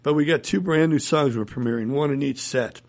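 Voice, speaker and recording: A man's voice: medium pitch, a little fast, gravelly. A man, a musician guest in an interview, telling rambling anecdotes and chuckling often. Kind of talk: casual interview storytelling.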